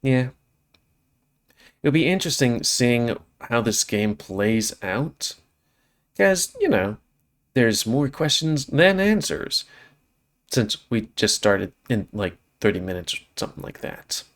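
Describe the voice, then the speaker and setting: A man's voice: mid-range voice, sing-song, takes it slowly, a bit bright. A man hosting a let's play, reading a visual novel aloud dramatically and then chatting casually.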